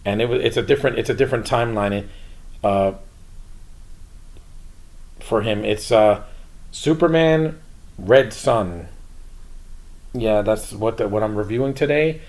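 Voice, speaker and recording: A man's voice: on the low side, measured pace, long pauses, a little mellow. Blunt man rambling through a movie review. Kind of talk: casual solo review.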